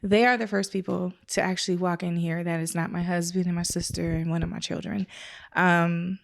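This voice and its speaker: A woman's voice: fairly low pitch, flat delivery, a little fast, gravelly. A woman, a wedding photographer, talking casually and emotionally as a guest in her own studio. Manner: chatty and emotional, acts out quoted voices. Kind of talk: casual interview conversation.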